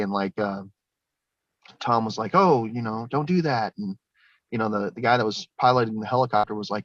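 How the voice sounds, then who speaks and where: Male guest, loose rambling talker with frequent profanity, mid pitch, muffled lo-fi recording. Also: a bit bright, dry recording. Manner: rambling, swears often, laughs between lines. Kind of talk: casual spoken testimony. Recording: dull lo-fi sound, dry.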